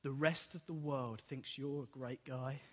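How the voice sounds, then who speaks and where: A man preaching a sermon, telling the story in a lively way and acting out the dialogue. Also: mid-range voice, measured pace. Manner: animated storytelling, acts out dialogue. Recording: long hall reverb.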